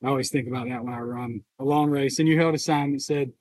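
A man co-hosting a podcast who talks in a reflective, halting way and is emotional and near tears. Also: medium pitch, fairly even intonation, a little mellow, dry recording, rough recording. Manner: reflective, halting, open about feelings. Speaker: podcast co-host. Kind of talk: casual podcast conversation.

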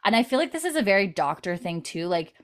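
A woman's voice: mid-range voice, very animated, fast talker. Chatty woman recapping a show. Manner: chatty, many fillers, retells scenes. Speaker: podcast host. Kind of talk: casual episode recap chat.

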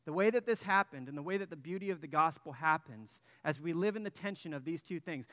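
A male pastor tells a story from the pulpit in a loose, casual way, full of fillers and self-deprecating asides. His voice sits a bit high and sounds bright. The sound carries a long reverb, as in a large hall. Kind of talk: sermon with personal story.

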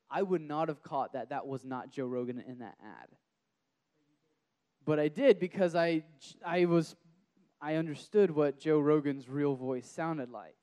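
A young man giving a casual, animated sermon to a group, talking in a conversational way with many restarts. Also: fairly high pitch, clear, resonant tone, no room sound. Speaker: preacher.

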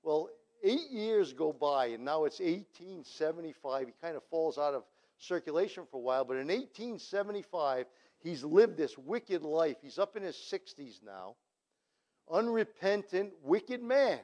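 A man's voice: a little high, expressive, moderate pace, a little mellow. A man delivers a sermon. He tells his story in a conversational way, then swells into emphatic calls to his listeners. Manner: storytelling, rising to emphatic appeals. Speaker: preacher.

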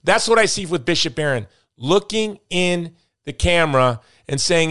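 A man's voice: a little high, animated, moderate pace, a bit bright, no echo, clean studio sound. A middle-aged man hosting a podcast, ranting with emphatic, repeated words as he comments with passion. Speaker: podcast host.

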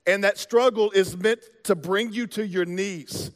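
High-voiced preacher in a reverberant hall. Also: male voice, steady tone, measured pace. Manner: conversational, joking preacher with casual slang. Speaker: pastor. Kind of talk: sermon. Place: church sanctuary. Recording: long reverb of a large hall.

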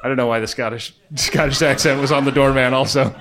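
A man's voice: mid-range voice, fairly quick, fairly bright tone, slight background noise. Man rambling through a jokey recap. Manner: joking, often laughing, loose and rambling. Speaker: podcast co-host. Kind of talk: casual comedic chat.

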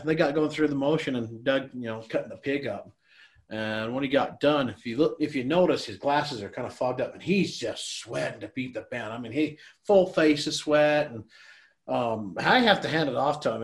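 A middle-aged man guesting on a podcast, telling stories in a rambling, casual way, laughing and swearing freely. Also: mid-range voice. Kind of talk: casual storytelling chat.

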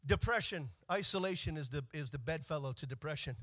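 A man preaching a sermon, moving from quiet, measured reading to shouted, sing-song preaching. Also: fairly high pitch, animated.

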